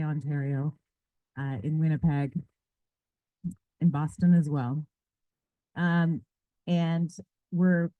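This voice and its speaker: A woman's voice: on the low side, no echo. A woman librarian giving an earnest, prepared debate speech to a live audience, building long lists of short phrases. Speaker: librarian defending a book in a debate. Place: public library event. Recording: thin, phone-like dry audio.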